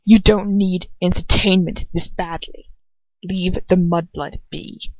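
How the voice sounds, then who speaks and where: A woman reading aloud voices a cold aristocratic man who warns with clipped authority. His lines come slow and restrained. The recording is dull and dry. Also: fairly low pitch, steady tone, no room sound. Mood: stern. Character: cold, stern aristocratic man issuing warnings.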